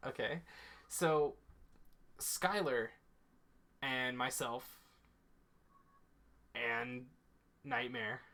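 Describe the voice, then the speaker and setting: Male gaming streamer, bright tone, teasing and joking, casual party-chat energy. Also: mid-range voice, extremely slow, gravelly, long pauses. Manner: joking, teasing, laughs often.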